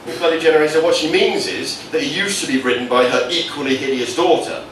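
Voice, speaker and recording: A man's voice: a little high, quick pace, fairly bright tone, distant mic. A man doing stand-up comedy, rambling into absurd stories. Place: comedy venue. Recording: echoey venue from afar, noisy.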